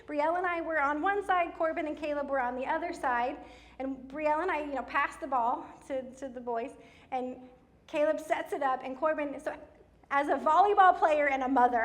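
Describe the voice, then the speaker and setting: A middle-aged woman preaching a sermon in church, telling stories in an animated way, slowing down for emphasis. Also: high-pitched. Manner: animated storytelling with laughs and slowed emphasis. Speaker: pastor.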